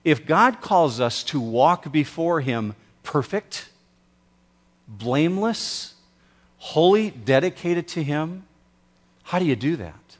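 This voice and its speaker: A man preaching a sermon as pastor, slow and emphatic, with dramatic pauses. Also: on the high side.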